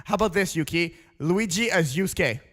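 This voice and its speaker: A young man from Canada hosting a casual podcast, excitable and laughing often as he pitches wild ideas. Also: moderate pace, in a large hall, heavy background noise. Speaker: podcast host.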